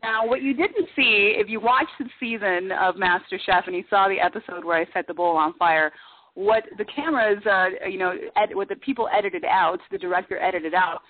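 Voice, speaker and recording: Animated woman on a tinny phone line. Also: mid-range voice, brisk, no room sound. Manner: animated, acts out shouted quotes. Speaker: guest, former cooking show contestant. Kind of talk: casual storytelling on talk radio.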